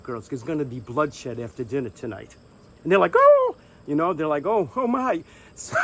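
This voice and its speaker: A middle-aged man spins a comic yarn in a slightly high voice, animated and salty, hammering phrases by repeating them. Faint crickets chirp behind him outdoors. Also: a little hiss or hum. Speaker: storyteller. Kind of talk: casual comic storytelling. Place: outdoors on a stoop.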